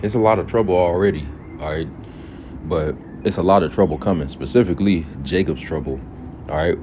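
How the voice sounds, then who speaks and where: Speaking in a low voice at a brisk clip, this preacher reads a passage of scripture and then explains it casually, leaning on "all right" and "okay" throughout. Faint traffic noise sits under the dull, lo-fi recording.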